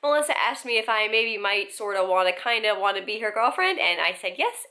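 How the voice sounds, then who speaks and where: A woman's voice: medium pitch, expressive, a little fast, sharp tone. A chatty young woman vlogs from her kitchen at home, speaking into a handheld camera. She rambles along easily with lots of fillers and small laughs, with a hiccup breaking in now and then. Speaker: vlogger. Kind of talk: casual daily vlog. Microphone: handheld vlogging camera.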